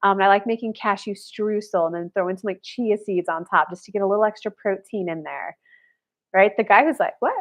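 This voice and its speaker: Thirties woman, dating-coach host, mid-pitched voice, loose and chatty live-stream delivery, lots of fillers, a bit blunt. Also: fairly quick. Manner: chatty, heavy "like" fillers, blunt with casual swearing. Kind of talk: casual live-stream chat answering viewers.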